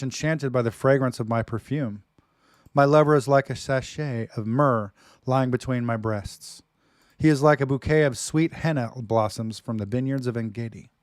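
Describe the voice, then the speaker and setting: A man reading scripture aloud at home, putting loud emphasis on the verses and breaking off for joking asides. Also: medium pitch, no room sound, clean studio sound. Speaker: Bible reading host. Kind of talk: Bible reading with casual commentary.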